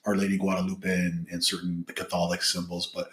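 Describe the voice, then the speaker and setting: A male podcast host asking questions in a chatty, animated way during a casual interview. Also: low voice, a little fast, reverberant. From Mexican-American family.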